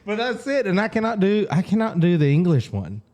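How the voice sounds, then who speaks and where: A man co-hosting a podcast in casual chat, an animated storyteller who laughs often and acts out the people in his stories. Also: sits high, fairly quick. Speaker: podcast co-host.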